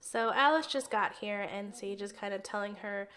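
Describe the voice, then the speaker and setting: A woman's voice: mid-range voice, moderate pace, pushed and bright. A young woman hosting a let's play, narrating her life-sim game casually with lots of "um" and "like". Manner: chatty, many fillers and "like".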